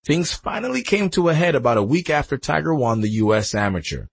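A male narrator reads a nonfiction audiobook with expressive delivery. His voice is gravelly and husky. His pitch moves in a lively way. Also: brisk. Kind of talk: scripted narration.

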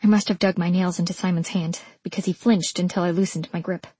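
A woman narrating a first-person audiobook in a measured, intimate way. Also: lowish voice, fairly even intonation, dark tone, slightly rough, no room sound.

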